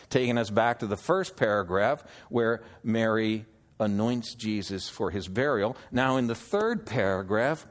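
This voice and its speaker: A man preaching an expository sermon, teaching slowly through scripture and asking the listeners questions. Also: lowish voice. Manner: slow, measured teaching with scripture quotes; emphatic, questioning delivery.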